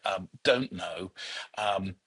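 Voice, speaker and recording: A man's voice: low voice, very slow, a bit bright, husky. A middle-aged British man, a podcast guest and HR executive, telling stories in a chatty, self-deprecating way with many ums. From United Kingdom. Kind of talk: casual storytelling interview.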